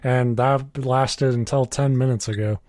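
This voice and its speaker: A man's voice: medium pitch, a little slow, dry recording. Dry-sounding man in casual chat. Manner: deadpan, swearing, self-mocking. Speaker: podcast co-host.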